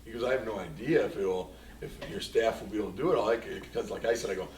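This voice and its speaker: Rambling superintendent in an echoey room. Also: male voice, on the low side, fast talker, darkish tone, a little hiss or hum. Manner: rambling anecdotal storytelling, quoting himself and others. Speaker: school superintendent. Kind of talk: board meeting report. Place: meeting room. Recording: echoey room, distant mic, faint ambience.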